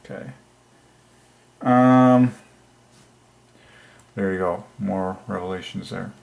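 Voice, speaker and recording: A man hosting his own channel, musing aloud at his computer in an enthusiastic, halting way with many fillers. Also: low-pitched, gravelly, darkish tone. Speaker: channel host. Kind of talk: religious numerology screen talk.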